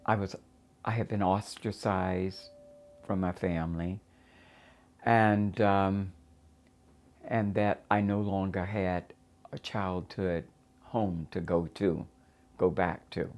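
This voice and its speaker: Brief: older woman from Florida, deep low voice, slow and reflective, halting documentary storytelling. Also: a little mellow. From United States (Florida). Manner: reflective, halting, with frequent pauses and fillers. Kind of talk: first-person documentary storytelling.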